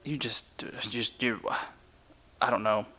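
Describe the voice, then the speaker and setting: A man's voice: mid-range voice, steady tone, takes it slowly, sharp tone. A man co-hosting a podcast in casual chat, rambling and laughing as he retells things. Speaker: podcast co-host.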